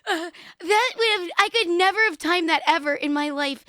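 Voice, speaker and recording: Young woman streamer, high and bright voice, swears a lot, keeps cracking up laughing. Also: normal speed, no room sound, clean studio sound. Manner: excitable, profane, breaks into laughter. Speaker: livestream host. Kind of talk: casual stream reaction commentary.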